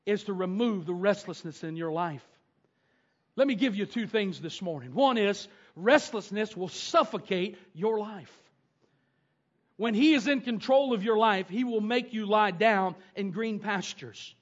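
A man, preaching a sermon with animated, homespun storytelling. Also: high voice. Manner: animated storytelling with down-home grammar. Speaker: pastor. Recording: dull lo-fi sound.

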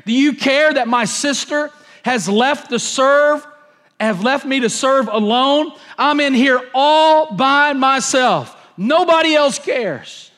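A man with a high voice acting out a busy, fed-up woman who complains that she works alone while nobody cares. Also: normal speed, a bit bright. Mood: indignant. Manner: complaining, exasperated.

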